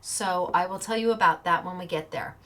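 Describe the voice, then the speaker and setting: A woman's voice: lowish voice, a little fast, a bit bright. A woman hosting a paper-crafting show, talking in a bubbly, chatty way, laughing often and acting out little quotes. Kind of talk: casual chatty livestream.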